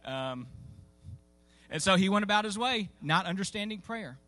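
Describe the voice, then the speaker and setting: A man preaching in a church, his voice sitting a little high for a man. He tells the story in a loose, folksy way, stopping for fillers and starting lines over. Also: expressive, moderate pace, pushed and bright, no echo. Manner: folksy, conversational, with frequent fillers and restarts. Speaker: pastor. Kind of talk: sermon storytelling. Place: church sanctuary.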